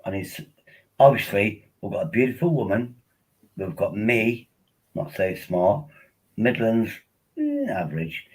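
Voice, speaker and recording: A man's voice: fairly low pitch, big pitch swings, unhurried, long pauses, darkish tone, husky, poor audio. A tipsy man rambling casually as he hosts a live stream, coaxing viewers to join him on air. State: tipsy from drinking. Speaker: livestream host.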